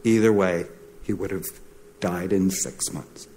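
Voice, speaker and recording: A man's voice: deep voice, measured pace, slight background noise. A middle-aged man, a doctor, giving a storytelling talk and acting out the voices of the people in it. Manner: animated, acts out the voices in his stories. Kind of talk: storytelling lecture.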